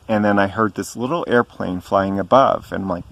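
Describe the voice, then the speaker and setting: A middle-aged man telling a personal story to camera in a gentle, reverent way, pausing often with ums. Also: fairly low pitch, steady tone, vocal fry. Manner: slow and hesitant, frequent ums and pauses. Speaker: spiritual vlogger.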